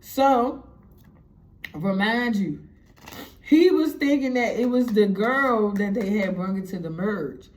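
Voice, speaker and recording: A woman recounts a story in a casual, animated way. She swears freely and acts out what others said. Her voice sits at a middle pitch. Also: slow pace, long pauses, slight background noise. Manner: animated, profane, acts out quotes.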